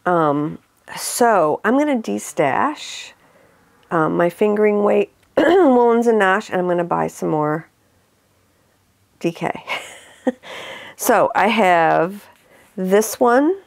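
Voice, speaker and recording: A woman's voice: medium pitch, animated, takes it slowly, gravelly, pauses often, no echo. A middle-aged woman with an upstate New York accent, chatting casually as a knitting podcast host and showing off yarn, with frequent laughs and asides. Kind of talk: casual show-and-tell chat.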